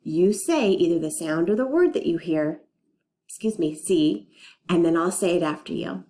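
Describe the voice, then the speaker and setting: Woman, reading teacher for young kids; slow, patient, mellow voice with a lively, sing-song pitch. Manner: slow, patient, clearly sounding out letters and words. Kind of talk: recorded phonics lesson for young children.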